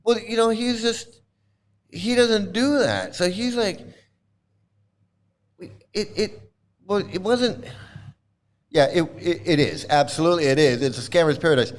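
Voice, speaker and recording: A man's voice: high voice, measured pace, pauses often. A middle-aged man telling a rambling story casually to his livestream chat, laughing often and restarting sentences. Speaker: host.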